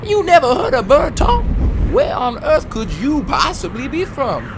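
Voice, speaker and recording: A woman voicing a brash, gentlemanly talking bird. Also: high-pitched, sing-song, a little slow, background noise, full character voice. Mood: amused.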